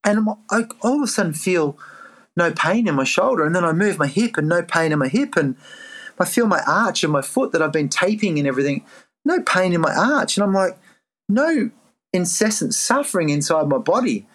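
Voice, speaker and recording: A middle-aged Australian man, a life coach, telling a personal story in a podcast interview, earnest and animated, often jumping into a higher voice to act out his own past thoughts. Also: brisk.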